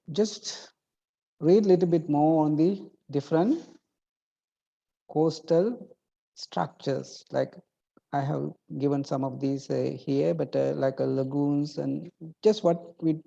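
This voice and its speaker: A university lecturer speaks over dull, lo-fi online-class audio, the voice heavily gravelly and very dark. The delivery is halting, with frequent fillers and restarts and a habit of ending points with "right?". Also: mid-range voice. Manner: halting, many fillers and restarts, checks in with 'right?'.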